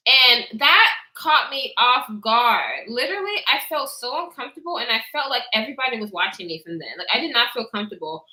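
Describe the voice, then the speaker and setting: Animated young woman telling a story time. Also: a little high, brisk, few pauses, reverberant. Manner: animated, acts out quotes, reads live chat, laughs often. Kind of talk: casual storytelling to camera.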